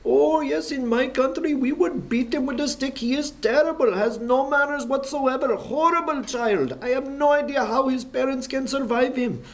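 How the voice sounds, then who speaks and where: Man putting on a shrill ranting bus driver. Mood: indignant ranting. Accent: Pakistani. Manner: rapid insistent ranting, repeats himself. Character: agitated, indignant male bus driver, middle-aged.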